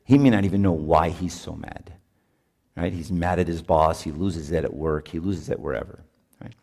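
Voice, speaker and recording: A man's voice: low voice, normal speed, vocal fry, darkish tone. A man, a priest, giving a conversational talk at a marriage retreat, often adding "right?" and laughing as he speaks. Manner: chatty, often adds "right?", laughs while talking.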